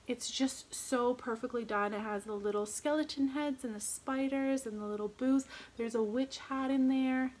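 Gushing chatty woman, bright voice. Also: high-pitched, normal speed. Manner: gushing, chatty, drifts into soft whispers. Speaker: vlogger. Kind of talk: casual haul chat. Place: home.

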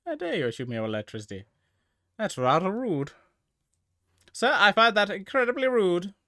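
A man's voice: high voice, very animated, normal speed, bright, forceful tone, dry recording, clean studio sound, voice pushed up, exaggerated voice. A man voicing an indignant giant monster who complains in mock-polite, prissy tones. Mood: affronted. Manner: mock-posh, affronted.

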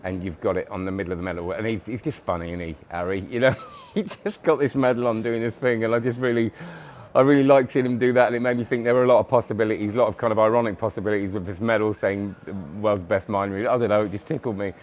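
A man's voice: lowish voice, fairly even intonation, fast talker, a little mellow, a little hiss or hum. A tired man chatting casually in a vlog about magic products, rambling and enthusiastic with lots of fillers and restarts. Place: magic convention hotel.

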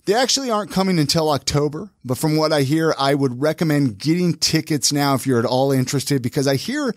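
A man hosting a podcast, talking in an upbeat, casual way with quick intros and filler restarts. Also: on the high side, lively intonation, no room sound, studio quality. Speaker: podcast host.

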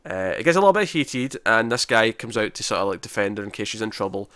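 This podcast co-host is a man with a lowish, sing-song voice who talks at a quick pace with a fairly bright tone. He gives a chatty, meandering recap of a drama episode, casual TV-review style, performing the quotes as he goes, and the studio sound is clean with no room sound.

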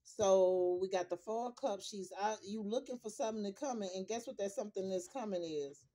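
A woman's voice: medium pitch, fairly quick, warm tone. Profane, blunt woman reading tarot. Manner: blunt, profane, emphatic, repeats herself. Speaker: tarot reader. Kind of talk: casual tarot reading to camera.

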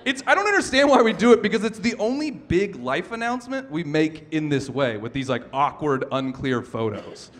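A young man performing a stand-up comedy set on a club stage, telling stories with animated shouted bits. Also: a little high, moderate pace, few pauses. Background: audience laughter.

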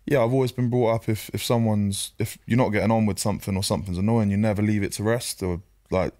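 A man's voice: on the low side, fairly even intonation, fast, warm tone, dry recording, clean studio sound. A man, a podcast guest talking in a blunt, straightforward way and telling casual stories. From Bristol, England. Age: 20s.

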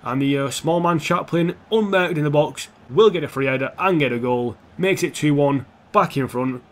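A young man commentating on his football video game, excitable and blunt, swearing freely. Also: fairly high pitch, moderate pace. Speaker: gaming YouTuber.

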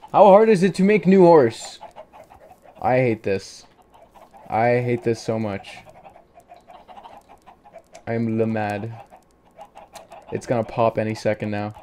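A man's voice: medium pitch, slow, long pauses, dark tone, a little hiss or hum. A man doing let's play commentary of a game, exasperated and pleading, with jokey asides. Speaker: gaming youtuber.

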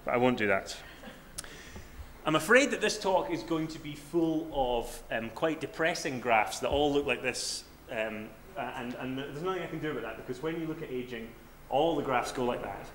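A young Scottish man in his twenties gives a conference talk in a lecture room, stumbling through fillers and restarts. His humour is dry and self-mocking, and his voice sits at an ordinary middle pitch. A faint hiss runs under the recording. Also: lively intonation, fairly bright tone. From Scotland. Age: 20s. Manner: halting, many fillers and restarts, wry self-deprecating humour. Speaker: researcher giving a talk.

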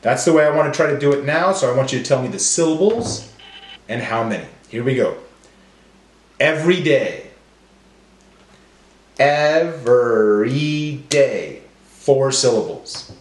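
A man teaching a phonics lesson to young children, stretching each word slowly and cheering them on. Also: mid-range voice, animated, echoey room. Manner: slow, stretched word-by-word drills; encouraging.

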